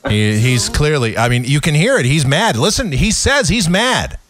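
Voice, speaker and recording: A man's voice: fairly high pitch, animated, normal speed, over music. Sarcastic, joking male radio host. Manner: sarcastic, joking, laughs often. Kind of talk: casual comedic talk radio.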